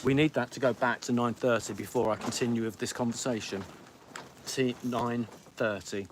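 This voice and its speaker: Grumpy and theatrically exasperated, a middle-aged podcast host begs his live-stream viewers from home. He talks rapid-fire like an auctioneer, his steady, mid-pitched voice set against faint background hiss during the casual chat.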